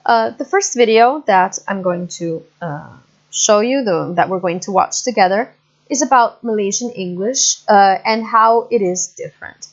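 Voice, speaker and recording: Woman lecturing online, muffled. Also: mid-range voice. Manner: explains slowly with many fillers and checks for understanding. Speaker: university English lecturer. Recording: muffled lo-fi recording.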